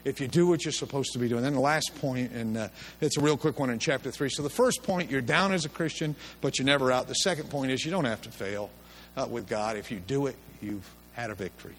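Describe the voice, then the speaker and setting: A man's voice: mid-range voice, a little fast, slight background noise. A middle-aged man preaching a sermon in a church service, telling stories in a folksy, chuckling way. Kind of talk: sermon with storytelling.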